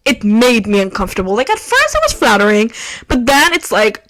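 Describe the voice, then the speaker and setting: A young woman, hosting her own podcast and telling a story in casual chat, swinging from loud outbursts to hushed asides. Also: a little high, sing-song, normal speed. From Quebec, Canada. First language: French. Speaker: podcast host.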